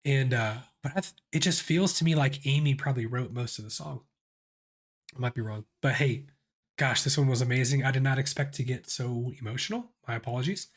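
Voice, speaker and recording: A man's voice: mid-range voice, brisk. A man in his thirties with a sick voice, hosting a casual music reaction and thinking aloud with many restarts. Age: 30s.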